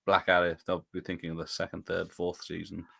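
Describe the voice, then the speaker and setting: Guy, lowish voice, dry quick interjections in a chat. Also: monotone, gravelly, bright, forceful tone. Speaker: podcast co-host. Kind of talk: casual chat.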